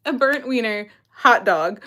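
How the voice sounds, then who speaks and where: High, lively, giggly young woman. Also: a little slow. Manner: giggly, breaks into frequent laughter. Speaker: vlogger. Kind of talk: casual chat reading an online quiz aloud.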